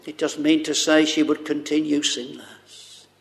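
A man preaching a sermon, speaking haltingly with many fillers and fervent exclamations. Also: fairly high pitch, level tone, creaky.

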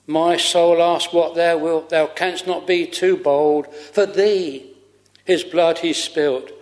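A man's voice: on the high side, steady tone, takes it slowly, darkish tone, long reverb tail. A man preaching a sermon fervently, repeating his phrases for emphasis.

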